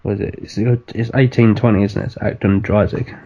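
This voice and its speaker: A man co-hosting a podcast in giggly, drawn-out casual chat, in a muffled recording. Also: on the low side, fairly even intonation, gravelly, warm tone, slightly rough. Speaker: podcast co-host.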